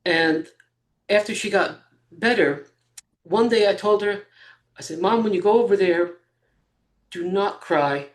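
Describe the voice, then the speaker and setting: A high-pitched man in his sixties, appearing as an interview guest, recounts a personal story haltingly, dropping fillers and soft laughs between phrases.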